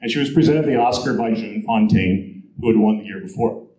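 A man's voice: fairly low pitch, a little fast. A man giving an anecdotal presentation at a convention, acting out the quotes in his stories. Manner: animated storyteller, acts out quotes. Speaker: guest speaker. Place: convention hall. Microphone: handheld recorder in audience. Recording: roomy hall audience recording.

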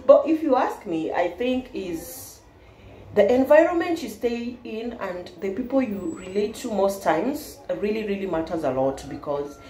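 A woman's voice: medium pitch, very animated, unhurried, warm tone. A woman from Kenya, vlogging in casual chat, playful and laughing often, mixing in Nigerian Pidgin phrases. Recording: roomy echo with faint background hiss.

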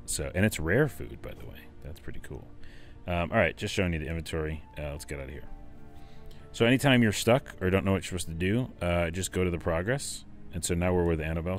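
Deep-voiced let's play host, chatty and rambling, enthusiastic. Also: male voice. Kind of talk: casual game commentary.

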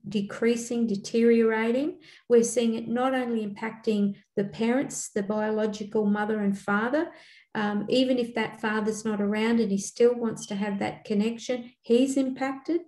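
A woman's voice: fairly high pitch, dark tone. Earnest older woman, echoey room. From Australia. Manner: earnest, halting, with frequent fillers. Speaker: community elder and advocate. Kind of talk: panel talk.

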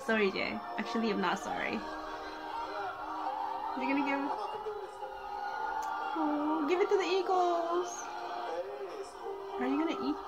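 A young woman reacting to fan videos at home, excitable and gushing, swearing and squealing at the screen. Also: high voice, measured pace, pauses often, muffled recording. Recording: fan video music playing loudly behind. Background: music playing from the video.

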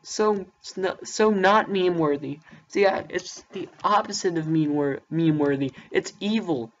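A woman's voice: lowish voice, measured pace, highs cut off. A young woman ranting to camera in mock outrage, calling her listeners mates. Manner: mock-outraged, repeats "mate". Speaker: youtuber. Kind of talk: comedic rant to camera.

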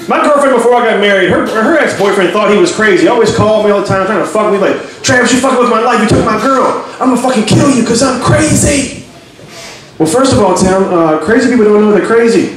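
A man's voice: high-pitched, a little hiss or hum. A man doing a crude stand-up comedy set in a pub, acting out voices of the people in his stories. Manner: crude, animated, acts out voices. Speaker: stand-up comic. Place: crowded pub comedy stage. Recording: echoey room, distant mic, crowd.

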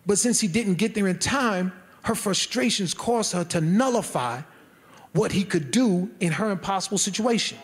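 A man's voice: high-pitched, lively intonation, moderate pace. A man, a church elder, preaching a sermon in a fervent, emphatic way, driving points home with repetition.

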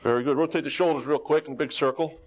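A man teaching karate who leads students through a warm-up, calling out exercises and teasing them with jokes. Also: on the high side, fairly even intonation, fast talker. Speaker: karate instructor. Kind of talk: leading a warm-up on a local TV show. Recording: dull lo-fi TV studio sound.

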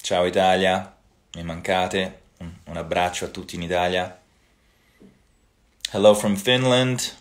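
A man with a low-pitched voice hosts a casual livestream, reading viewer comments and greetings and responding in a relaxed way. He speaks at a measured pace with frequent pauses and now and then drops in Italian phrases.

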